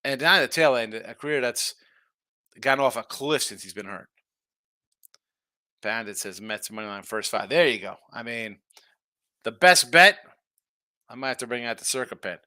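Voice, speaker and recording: A man hosting a sports betting show, chatting casually and reacting to viewer comments in a lively, tired-but-animated way. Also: medium pitch, moderate pace, pauses often, no room sound, clean studio sound. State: tired, yawning. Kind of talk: casual betting talk reading chat.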